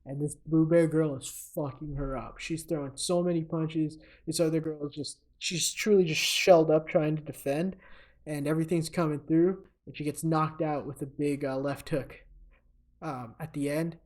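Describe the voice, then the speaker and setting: A man's voice: fairly high pitch, fairly even intonation, moderate pace, darkish tone. A man co-hosting a comedy podcast, recapping a movie in a rambling, casual way with lots of fillers. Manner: rambling, filler-heavy storytelling. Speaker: podcast co-host.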